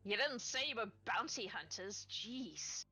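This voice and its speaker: A woman's voice: medium pitch, expressive, measured pace, bright, forceful tone, slightly rough, soft background music. A woman running a tabletop game as game master, narrating playfully and laughing often.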